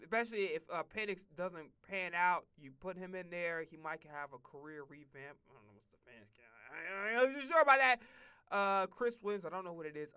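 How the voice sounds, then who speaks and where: A man streaming casual sports commentary, profane and rambling, with excitable outbursts. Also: sits high, clear, resonant tone.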